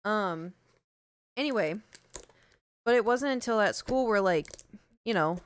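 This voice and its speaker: A woman's voice: mid-range voice, expressive, a little slow, smooth. A young adult woman streaming live, chatting casually in a rambling, self-deprecating way with lots of fillers and laughs, close on a large studio mic. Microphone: large studio microphone.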